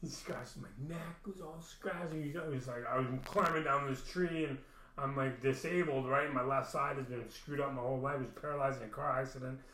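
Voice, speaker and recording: A man's voice: mid-range voice, fairly even intonation, fairly quick, sharp tone, a little hiss or hum. A young man casually telling a long personal story, rambling with many restarts and frequent swearing. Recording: roomy echo.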